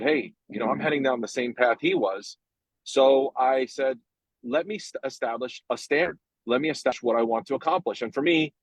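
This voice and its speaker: A man's voice: medium pitch, slightly rough, no echo, low-quality recording. A man earnestly telling a personal story over a call from a parked car. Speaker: guest. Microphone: phone call from a parked car.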